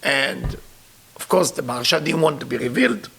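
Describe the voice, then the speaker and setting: A man's voice: a little high, animated, a little fast, gravelly, sharp tone, breathy edge. A man teaching a spiritual lesson through a story, emotional, with non-native English grammar. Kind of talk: storytelling sermon.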